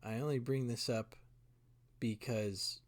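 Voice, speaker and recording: A man's voice: medium pitch, fairly even intonation, takes it slowly. A young man co-hosting a podcast in casual chat, easygoing and laughing often. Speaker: podcast co-host.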